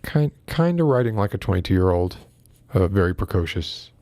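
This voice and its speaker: A man's voice: deep voice, sing-song, normal speed, dark tone. A man hosting a casual livestream, reading philosophy aloud and breaking off to ramble and greet viewers in the chat.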